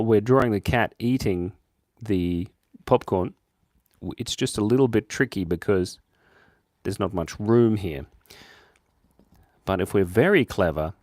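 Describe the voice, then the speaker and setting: Casting note: young Australian man hosting a drawing livestream, goofy, very lively pitch, dry close sound. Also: no room sound. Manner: playful, jumps between high excited bursts and quiet mumbles. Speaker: livestream host drawing for chat. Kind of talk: casual live-stream chat while drawing.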